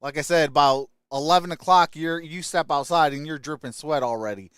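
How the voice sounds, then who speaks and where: A young adult man from Michigan hosting a casual sports live stream, greeting chat viewers by name with upbeat shout-outs. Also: a little high, brisk, smooth, no room sound, studio quality.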